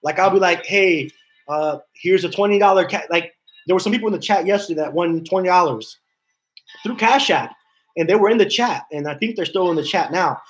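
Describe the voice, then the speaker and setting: A man's voice: high voice, a little fast, rough recording. A man hosting a casual live stream from his home office, rambling and repeating himself as he reads chat messages aloud. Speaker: livestream host.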